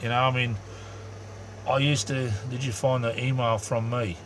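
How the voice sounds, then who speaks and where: A man's voice: medium pitch, little pitch movement, normal speed, a bit bright, slight background noise. Blunt rambling Australian man streaming. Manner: blunt, rambling, lots of ums. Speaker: YouTube live streamer. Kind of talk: casual live-stream chat.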